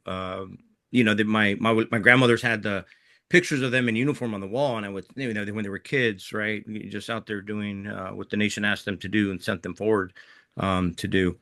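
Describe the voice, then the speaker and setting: A man's voice: lowish voice, sharp tone, dry recording, clean studio sound. A middle-aged man from southern New Mexico, a veteran guest telling personal stories in an interview, candid and emotional, with frequent restarts. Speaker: guest, Green Beret veteran. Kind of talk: conversational storytelling interview.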